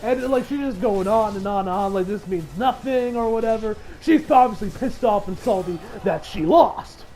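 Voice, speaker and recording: A man's voice: sits high, normal speed, few pauses, mellow, slight background noise, poor audio. A man recapping an anime episode as a reviewer, in a loose, rambling way that swears freely and acts out the lines of the characters.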